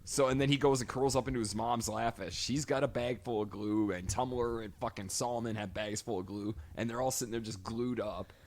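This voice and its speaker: A young man co-hosting a podcast, chatting casually and profanely about a movie and shouting out lines from it. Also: mid-range voice, steady tone, a little fast, hardly any pauses. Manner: profane, emphatic, mimics lines loudly. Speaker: podcast co-host. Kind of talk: casual film discussion.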